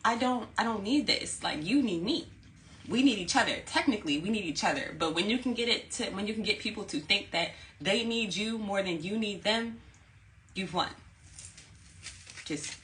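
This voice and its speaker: A woman's voice: fairly low pitch, bright, forceful tone, a little hiss or hum, rough recording. A woman giving a casual tarot reading, talking candidly, swearing now and then and repeating her phrases. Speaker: tarot reader.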